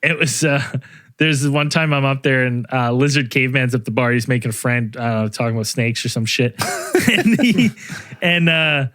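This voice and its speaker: A man at an ordinary middle pitch tells a trip story for a podcast. He rambles, swears and restarts his sentences. The sound is dry and close, with no room echo. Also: moderate pace, a bit bright. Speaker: podcast co-host. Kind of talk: casual storytelling chat.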